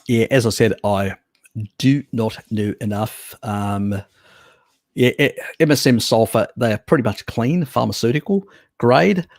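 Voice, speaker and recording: A man's voice: medium pitch, measured pace, no room sound, clean studio sound. An Australian man hosting a live stream, chatting casually and rambling, swearing now and then as he answers viewers. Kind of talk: casual chat reading viewer comments.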